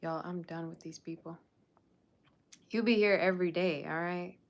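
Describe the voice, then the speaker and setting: Fry-voiced woman bantering with her live chat. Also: fairly low pitch, steady tone, moderate pace. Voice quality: sassy, teasing banter with the chat. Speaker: tarot reader livestream host. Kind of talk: casual livestream chat.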